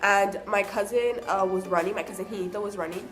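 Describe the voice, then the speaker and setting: A young woman vlogger telling childhood stories in a casual, animated way, often acting out what people said. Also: mid-range voice, a little fast, faint music behind. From Southern California. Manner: chatty, animated, acts out quoted voices. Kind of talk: casual storytelling.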